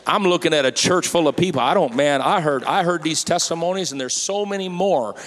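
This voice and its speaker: A man preaching a sermon in a church, folksy and fervent, with his voice rising to shouts at the peaks. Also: on the high side, brisk, long reverb tail. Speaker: pastor. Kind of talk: Pentecostal-style sermon. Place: church sanctuary.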